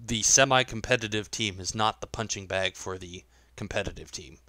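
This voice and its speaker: A man's voice: lowish voice, normal speed, bright, forceful tone, no echo. A man leading a gaming clan meeting in voice chat, patiently explaining the rules step by step. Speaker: clan leader running a meeting. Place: online voice chat.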